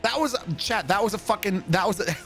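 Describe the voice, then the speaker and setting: A man's voice: high-pitched, a little fast, fairly bright tone, soft background music. A man streaming a golf video game, trading profane, teasing banter with a friend and reading out viewer messages. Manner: reads viewer messages aloud. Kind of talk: casual gaming livestream chat.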